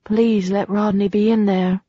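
A woman narrator voicing a frightened but stubborn young woman who talks back with sarcasm, pitched a bit higher. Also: flat delivery, unhurried, dark tone, no room sound, lo-fi sound, lightly acted. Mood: tense. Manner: tense, defiant, sarcastic.

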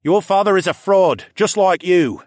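Proud young count voiced by a male narrator, firm commanding tone, slightly raised pitch, dry storybook sound. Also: expressive, moderate pace, fairly bright tone, no echo. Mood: angry defiant. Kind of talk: audiobook character voice.

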